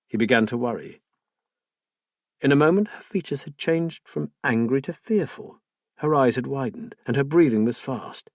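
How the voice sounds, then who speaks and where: A man narrating an audiobook mystery in a measured, expressive storytelling manner. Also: medium pitch, no echo, clean studio sound.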